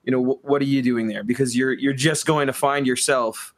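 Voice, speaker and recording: A man's voice: mid-range voice, steady tone, a little fast. A man co-hosting a podcast, talking earnestly with many restarts and "you know"s. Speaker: podcast co-host. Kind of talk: casual interview chat.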